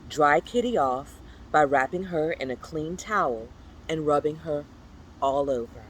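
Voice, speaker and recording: Playful, animated children's book reader. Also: measured pace, slight background noise, low-quality recording. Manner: playful, animated read-aloud with high squeaky exclamations. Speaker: storyteller. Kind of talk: reading a children's picture book aloud.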